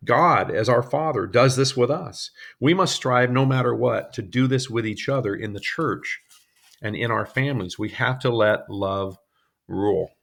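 A man's voice: medium pitch, normal speed, creaky, a bit bright. A man delivering an earnest sermon to a congregation, telling personal stories and reading scripture. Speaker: preacher.

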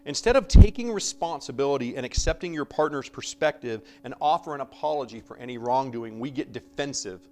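Man, preacher, conversational sermon, animated, playful acted-out quotes, loud-to-soft swings, mid-pitched voice. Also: normal speed. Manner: shifts between loud emphasis and soft asides.

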